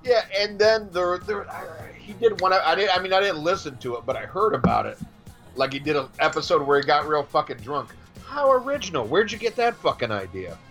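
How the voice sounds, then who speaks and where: A man talks loosely on a podcast, swearing constantly as he mocks and rants. His pitch swings widely from low grumbles to high bursts, and faint music sits under the talk. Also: animated, brisk, a bit bright. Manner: profane, ranting, mocking. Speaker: podcast host. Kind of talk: casual podcast banter.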